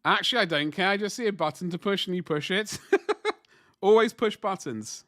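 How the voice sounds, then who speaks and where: A man's voice: high voice, normal speed, a bit bright, dry recording, clean studio sound. Rambling man in his forties. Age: 40s. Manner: rambling, self-deprecating, answers chat. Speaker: miniature painting streamer. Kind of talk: casual livestream chat.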